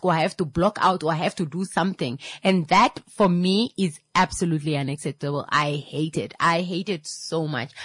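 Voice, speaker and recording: A young woman talks straight to her audience in a lowish, husky voice, blunt and openly exasperated. She keeps hammering rhetorical questions. The sound is close and dry, with no room echo. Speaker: vlogger. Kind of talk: casual opinion monologue.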